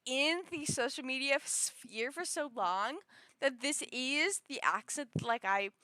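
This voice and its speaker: High bright-voiced woman rambling slowly. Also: dry recording. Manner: rambling, filler-heavy, shifts her pitch often. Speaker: streamer. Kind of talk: casual chat.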